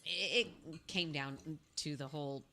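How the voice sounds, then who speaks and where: A woman's voice: sits low, measured pace, bright, forceful tone. A woman who is a podcast guest, telling rambling stories in casual chat and laughing often.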